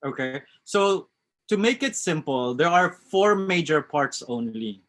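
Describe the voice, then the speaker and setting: A man's voice: a little high, lively intonation, a little slow, fairly bright tone. A man with a West Coast American accent teaching a live online English class, reading out chat answers and commenting on them.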